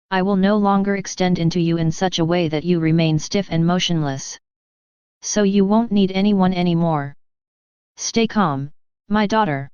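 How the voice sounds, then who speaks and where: A woman's voice: on the low side, darkish tone, smooth, no echo, close to an everyday voice. A woman reading as Jesus, tender and grave. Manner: slow solemn consoling reading. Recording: slightly dull, dry close recording.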